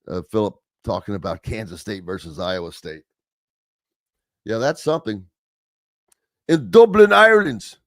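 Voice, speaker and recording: A man's voice: lowish voice, darkish tone, no room sound, studio quality. Chatty male sports radio host. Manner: chatty, rambling, reads listener comments aloud. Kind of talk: casual sports talk radio.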